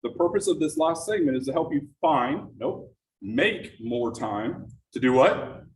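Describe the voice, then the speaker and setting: A middle-aged man with an expressive, unhurried, medium-pitched voice leads a productivity workshop in a meeting room, engaging the live audience with frequent questions. The capture is echoey and distant, with faint noise.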